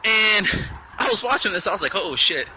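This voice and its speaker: A young man with a strikingly bright, fairly high voice rambles through a story from work, swearing freely and getting animated as he goes. He talks outdoors, with faint noise in the background. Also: moderate pace. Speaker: vlogger. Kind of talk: casual storytelling.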